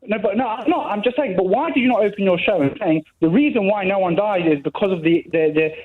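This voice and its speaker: A man's voice: high voice, fast talker, over a noisy crowd. A man calling into a radio show, agitated and stammering, repeating words as he argues. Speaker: caller. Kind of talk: radio phone-in call. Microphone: phone line. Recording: tinny phone line.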